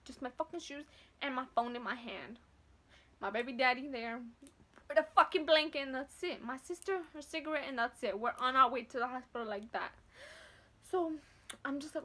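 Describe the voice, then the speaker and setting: A woman's voice: high voice, normal speed. A young woman vlogger casually telling a long personal story, acting out the other voices and swearing freely. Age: young adult. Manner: animated, acts out voices, swears freely, mixes Spanish.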